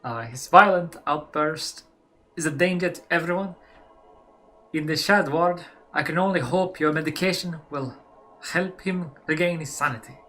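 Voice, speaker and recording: A weary German head doctor reads out his letter in a stiff, theatrical mock German accent that keeps sliding toward French, as a man puts him on. The voice sits a little higher than the performer's own and sounds bright and forceful. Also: normal speed, faint music behind. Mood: mock-formal. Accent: mock German, drifting toward French.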